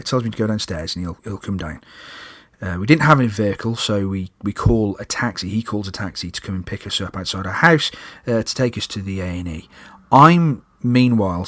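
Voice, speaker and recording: A young man hosting a podcast, telling a personal story in a lively way and acting out panicked moments in loud breathless bursts. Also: on the low side, no echo, studio quality. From United Kingdom. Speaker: podcast host.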